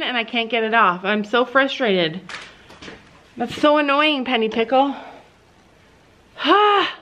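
A woman's voice: on the high side, pushed and bright. A woman vlogging outdoors at a horse barn, chatting casually, laughing often and cooing in baby talk to the animals, recorded on a handheld camera. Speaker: mom vlogger. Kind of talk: casual vlog chat.

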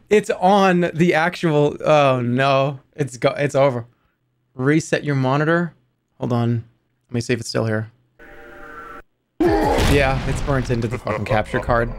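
A man in his thirties streaming games live, talking to his chat in an excitable, exasperated way, swearing and breaking into high-pitched outbursts. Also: moderate pace, soft background music. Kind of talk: live game stream commentary.

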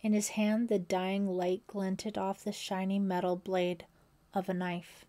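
A woman narrating a thriller audiobook in a steady, suspenseful storytelling manner. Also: medium pitch, a little slow.

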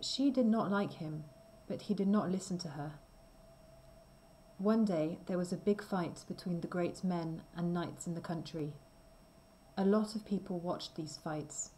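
A woman reading a simple storybook aloud slowly and clearly for language learners. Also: fairly low pitch, mellow, slight background noise, poor audio. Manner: careful, deliberate reading. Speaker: reader.

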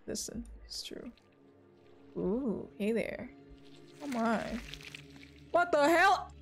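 A young woman streaming a video game, chatting casually and often yelling and laughing at what happens on screen. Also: on the high side, animated, takes it slowly. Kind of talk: casual gameplay commentary. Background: game music.

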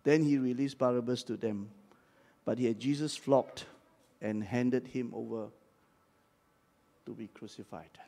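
With a medium pitch, vocal fry, and frequent pauses, an older man preaches unhurriedly as pastor. The sermon is dramatic, and he leads the crowd in call-and-response shouts.

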